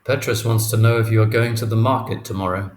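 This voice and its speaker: A man's voice: on the low side, steady tone, fast talker, close to an everyday voice. A man doing a weary, guarded older father. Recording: echoey room, faint noise.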